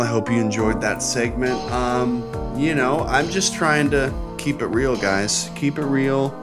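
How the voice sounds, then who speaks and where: A man's voice: mid-range voice, unhurried, few pauses, over music. A young American man hosting his own podcast, talking in a casual, rambling, profane and sarcastic way. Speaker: podcast host. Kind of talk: casual solo podcast monologue.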